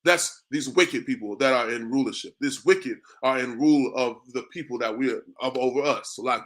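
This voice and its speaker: A man's voice: medium pitch, normal speed, a bit bright. A man preaching a street sermon to a class. He talks conversationally, drops in "man" and "bro", and keeps asking "you understand me?". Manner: repetitive, asks "you understand me?" often.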